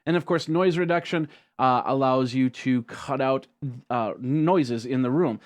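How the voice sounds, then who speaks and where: A man hosting a tech tutorial, talking casually through a software walkthrough with frequent ums and restarts. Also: mid-range voice, a little slow. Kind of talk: screen-recorded software tutorial.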